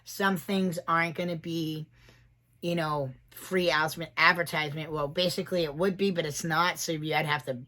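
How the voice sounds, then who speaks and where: A man's voice: fairly high pitch, steady tone, normal speed, bright, forceful tone. A trans man in his forties hosting a casual livestream chat, rambling from thought to thought and laughing often at his own jokes. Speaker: livestream host.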